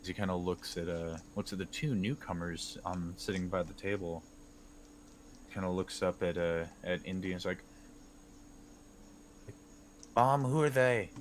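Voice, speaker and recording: A man narrating a tabletop game as game master. His voice is deep and his narration halting, full of searching pauses. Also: level tone, slight background noise. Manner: halting, many fillers.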